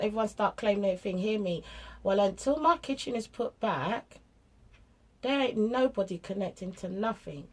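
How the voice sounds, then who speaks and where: A woman's voice: mid-range voice, animated, normal speed, poor audio. A middle-aged woman with a British accent, chatting bluntly and casually about parenting, full of slang. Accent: British English. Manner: chatty and blunt, with street slang, acting out family exchanges. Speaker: parent vlogger. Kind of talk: casual monologue giving parenting advice.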